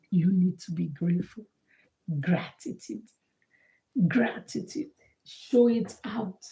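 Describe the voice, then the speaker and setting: Woman, motivational monologue, warm mellow tone, earnest and emphatic, repeats her points. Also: medium pitch, slight background noise, rough recording. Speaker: motivational speaker.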